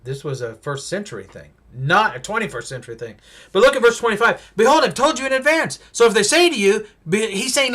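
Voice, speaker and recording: A male preacher giving a Bible-teaching sermon, emphatic and full of rhetorical questions, swinging between loud stresses and hushed asides. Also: high voice, lively intonation, fairly quick.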